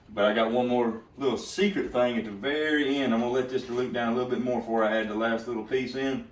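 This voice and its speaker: A man's voice: mid-range voice, distant mic. Brash man cooking in an echoey kitchen. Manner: brash, profane, joking. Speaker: cooking vlogger. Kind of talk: casual cooking demo with storytelling.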